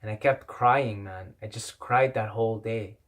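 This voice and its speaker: A man's voice: lowish voice, unhurried, a bit bright. A young man whose first language is not English, telling a personal story in a rambling, repetitive way and swearing often. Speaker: vlogger. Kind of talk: casual storytelling.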